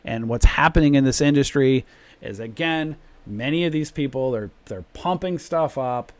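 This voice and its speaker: A man's voice: mid-range voice, moderate pace, dry recording. A man hosting a live trading stream, talking emphatically and repeating his points in a long rant. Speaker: trading room host.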